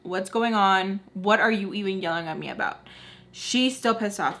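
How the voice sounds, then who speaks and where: A woman in her twenties telling a personal story to her viewers, animated and frank with casual slang. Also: mid-range voice, normal speed. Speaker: storytime vlogger.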